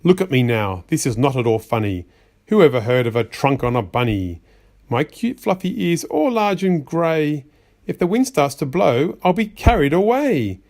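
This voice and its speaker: In a rhyming storybook, a man plays a fussy white rabbit who scolds with exasperated, sing-song delivery at a normal speed. His slightly high voice rises and falls with lively pitch.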